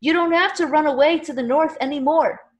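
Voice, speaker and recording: A woman reading as a loud, eager Northern organizer. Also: extremely high pitch, brisk, roomy sound, pitched above the performer's own voice. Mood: rallying. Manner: loud, rallying speechmaker. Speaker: party organizer.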